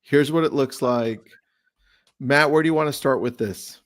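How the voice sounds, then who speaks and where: Man, upbeat webinar host, chatty, mid-pitched voice. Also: normal speed, a bit bright. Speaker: host, real estate agent. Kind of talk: casual webinar hosting.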